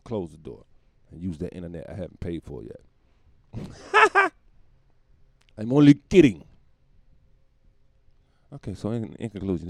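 A man's voice: low-pitched, vocal fry, warm tone, no room sound, studio quality. A man hosting his own podcast, rambling through a profane comedic monologue and laughing at his own jokes. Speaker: podcast host.

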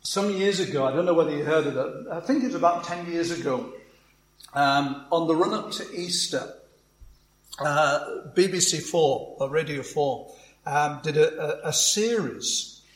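A male preacher speaks in a loose, conversational way, often restarting phrases and adding asides to his listeners. His voice sits a little high for a man. The room adds a clear echo around him. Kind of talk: sermon.

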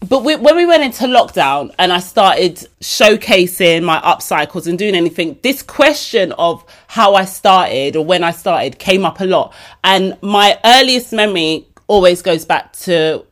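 A woman, hosting her podcast and telling a story casually, chatty and animated as she acts out the dialogue. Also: lowish voice, measured pace, hardly any pauses. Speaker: podcast host.

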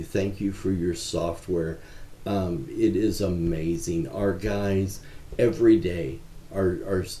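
Deep-voiced man in a roomy echo. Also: dark tone, a little hiss or hum. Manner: earnest, measured, with frequent fillers. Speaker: ministry founder, guest. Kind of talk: conversational interview answers.

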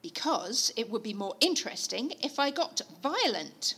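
A woman playing a bright, gushing eager actress. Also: on the high side, moderate pace, husky, heavily acted. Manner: gushing, excitable. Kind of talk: comedic audio play acting.

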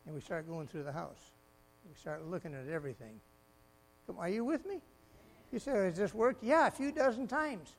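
A man preaching a sermon in an animated way, swinging from loud exclamations to quiet asides and laughing often. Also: high-pitched, moderate pace. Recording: mains hum behind the voice.

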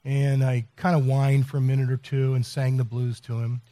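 A man's voice: medium pitch, flat delivery, fairly quick, dark tone. A middle-aged man preaching a sermon as pastor, telling a story with many restarts and repeated words. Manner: rambling, self-interrupting storyteller.

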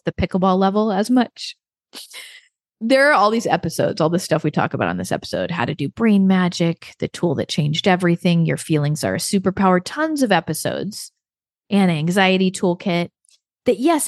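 A woman's voice: on the low side, dry recording. Chatty woman podcast host, dry close sound. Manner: chatty, laughs often, animated quoted dialogue. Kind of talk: casual solo podcast storytelling.

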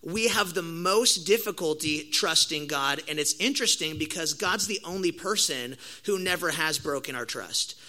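A young man preaching a sermon in a high, very bright voice. He tells a story the casual way, heavy on slang and full of energy, then leans into the message. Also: moderate pace, few pauses, low-quality recording. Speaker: pastor.

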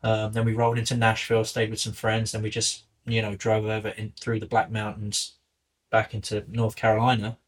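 A man's voice: fairly low pitch, fairly quick. A man with an English accent, a podcast guest telling a long road-trip story in casual chat, full of swearing and acted-out voices of other people. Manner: animated, profane storytelling, acting out others' lines.

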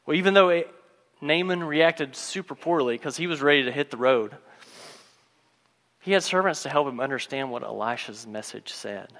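A man delivers a sermon in a storytelling manner, slipping into the voices of the people in the story. His voice sits a little high for a man. The sound carries a long reverb, as in a church hall. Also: moderate pace, a bit bright. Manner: storytelling, acts out voices of the characters. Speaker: preacher.

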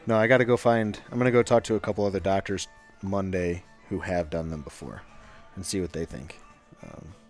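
A man's voice: sits low, fairly even intonation, a little fast, soft background music. A man in casual podcast chat, laid-back and dry-humored.

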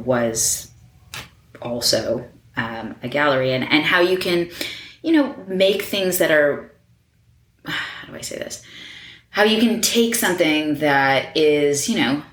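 A woman's voice: deep voice, slow pace, a bit bright, a little hiss or hum. A woman guest in a casual interview, talking about her design work with lots of "like" and "you know" and easy laughter. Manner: chatty, many fillers like "like" and "you know"; laughs easily. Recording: roomy echo.

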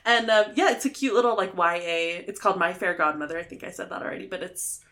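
Chatty young woman, low-ish voice. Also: fast, a bit bright. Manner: chatty, laughs often, says "like" a lot. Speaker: podcast co-host. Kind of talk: casual chat.

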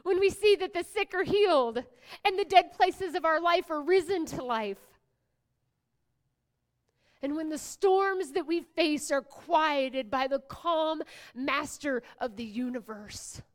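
A woman pastor preaching a sermon, swinging from hushed whispers to loud exclamations, with playful asides to the congregation. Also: high-pitched, slow pace.

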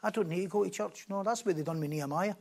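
A man preaching a sermon from a church platform, passionate, swinging between quiet asides and loud, emphatic bursts. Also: sits high, quick pace, gravelly.

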